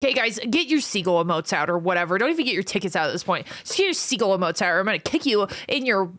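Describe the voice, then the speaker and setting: A woman's voice: medium pitch, lively intonation, rapid-fire, fairly bright tone, dry recording. A young adult woman streaming live, chatting casually and playfully, teasing and greeting her viewers by name. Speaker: livestreamer. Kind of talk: casual livestream chat.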